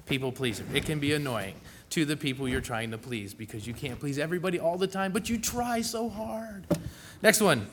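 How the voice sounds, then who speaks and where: A man's voice: mid-range voice, expressive, quick pace, background noise. A middle-aged man preaching a sermon in a church in a folksy, conversational way, with asides to the congregation.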